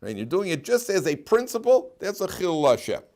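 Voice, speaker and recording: Animated rabbi teaching a class. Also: male voice, high voice, brisk. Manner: animated storytelling, rhetorical questions, Hebrew terms translated. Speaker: rabbi teaching yeshiva students. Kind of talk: informal Torah class.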